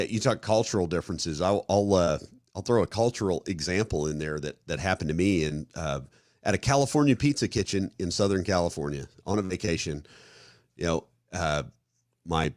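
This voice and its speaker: Deep-voiced Midwestern man, rambling talk. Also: no room sound, clean studio sound. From American Midwest. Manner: rambling, restarts often, acts out example scenarios. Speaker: podcast co-host. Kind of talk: casual conversational discussion.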